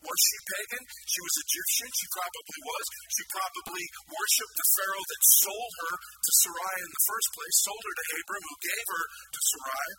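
A man preaching a sermon in an animated way, putting questions to the congregation. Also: very high-pitched, brisk, few pauses, loud music behind the voice, low-quality recording. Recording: loud background noise.

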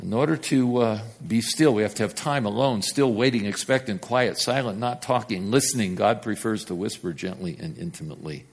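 A man preaching a sermon, telling the story with big swings from loud and emphatic to hushed. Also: lowish voice, brisk, few pauses, slightly rough.

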